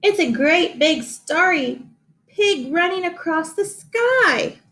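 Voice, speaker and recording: A woman voicing an excited, stubborn little boy pig who squeals his lines. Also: slow pace, a little hiss or hum, heavily acted. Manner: squealing, high and eager.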